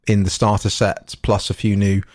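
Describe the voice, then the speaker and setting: A man's voice: lowish voice, little pitch movement, moderate pace, a little mellow, no room sound, clean studio sound. A man co-hosting a podcast, chatting casually about hobby news and rambling with frequent fillers and restarts. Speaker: podcast co-host. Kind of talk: casual chat about tabletop miniatures news.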